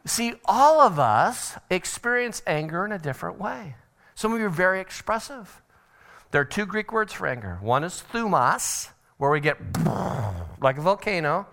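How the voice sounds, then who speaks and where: A middle-aged man teaching a parenting seminar at church, animated and acting out family scenes with sudden shouted voices. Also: high voice, moderate pace.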